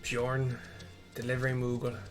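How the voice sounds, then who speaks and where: A man casually commenting on a game quest as he plays, rambling and easily excited. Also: mid-range voice, normal speed, over music. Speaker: gamer playing through a quest.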